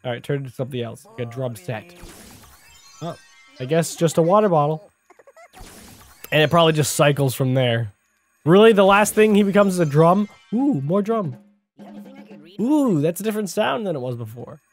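A man giving jokey, excitable let's-play commentary as a gaming YouTuber, talking to the character on screen. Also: a little high, normal speed, pauses often, soft background music.

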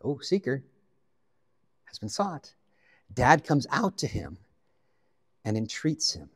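Male preacher, from the Pacific Northwest, animated storytelling, asides and jokes, medium pitch, long hall reverb. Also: slow, husky. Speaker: guest pastor. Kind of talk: sermon.

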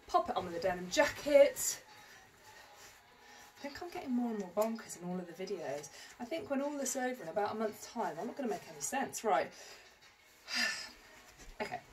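A woman's voice: mid-range voice, lively intonation, brisk, pauses often. A woman who runs a clothes shop, chatting through a dress try-on in a rambling, self-mocking way with lots of ums. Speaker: boutique owner. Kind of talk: casual fashion try-on vlog.

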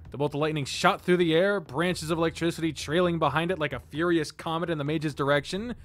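A man's voice: on the high side, steady tone, fast, fairly bright tone. A man reading a fantasy visual novel aloud, dropping in casual, profane asides.

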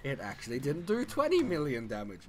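A man's voice: medium pitch, wildly swooping pitch, a little fast, a little mellow, a little hiss or hum. A young man in his late teens, a little drunk, rambling and giggling as he plays a game and loses his train of thought. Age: young adult. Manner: rambling, giggly, swears a lot. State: tipsy from drinking. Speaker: let's play commentator. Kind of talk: casual gaming commentary.

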